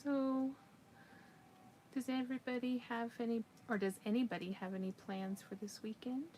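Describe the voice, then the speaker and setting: A woman's voice: fairly high pitch, normal speed, slight background noise. Chatty woman crafting on a livestream. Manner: relaxed, chatty, talking to viewers while working. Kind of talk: casual livestream chat while crocheting.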